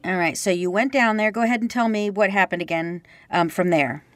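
A woman hosting an interview and gently prompting her guest with questions. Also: medium pitch, a little fast, no room sound, faint music behind. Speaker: podcast host interviewer.

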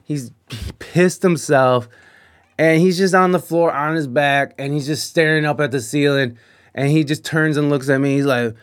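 A man telling a rambling, profane anecdote in a casual, animated way, with frequent restarts. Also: on the high side, moderate pace, no echo, studio quality. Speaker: storyteller.

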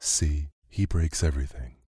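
A bossy, teasing teenage brother from a storybook, as a man reads him. The voice sits very low and dark, with a husky grain and no room sound around it. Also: a little slow, no room sound, clean studio sound, full character voice. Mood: bickering. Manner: teasing, sulky.

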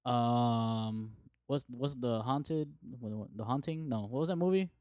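A male co-host with a mid-range voice, relaxed and making crude jokes in loose chat. He sounds unhurried. The recording is close and dry. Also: medium pitch, dry recording. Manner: laid-back, crude joking. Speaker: podcast co-host. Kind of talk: casual podcast banter.

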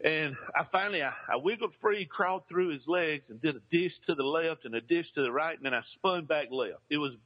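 A man's voice: a little high, fairly quick, hardly any pauses, dull audio. A man telling a funny childhood story in a loose, rambling way, with plenty of fillers and restarts. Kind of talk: casual comic storytelling.

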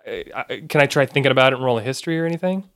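A man's voice: mid-range voice, lively intonation, rapid-fire, a bit bright, dry recording, studio quality. A man playing a tabletop game, talking casually and hesitantly, often repeating words. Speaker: player.

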